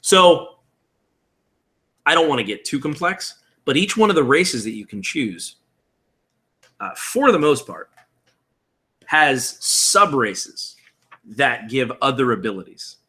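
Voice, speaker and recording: Bright, casual male host in his thirties; explains rules to a live chat. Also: medium pitch, very animated, slow pace, long pauses. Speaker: tabletop game host. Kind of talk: live-streamed tutorial chat.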